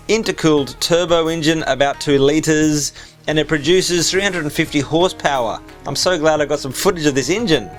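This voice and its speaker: A man hosting a car video, narrating in a chatty, easygoing way and talking straight to his viewers. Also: fairly high pitch. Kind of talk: casual vlog narration.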